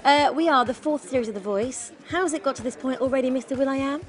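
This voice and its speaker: A woman's voice: sits high, fast talker. A woman presenter interviewing two judges with chirpy, teasing questions. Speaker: entertainment interviewer. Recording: crowd behind.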